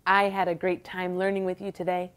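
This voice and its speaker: A woman hosting a bilingual children's lesson, speaking in an encouraging sing-song way. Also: lowish voice. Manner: slow, lively, encouraging sing-song delivery. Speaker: children's teacher host.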